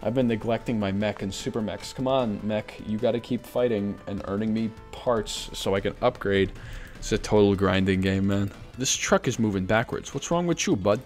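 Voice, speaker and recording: A man giving playful, joking gameplay commentary, excitable and often jumping up into a high voice when baffled. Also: moderate pace, faint music behind. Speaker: gaming YouTuber.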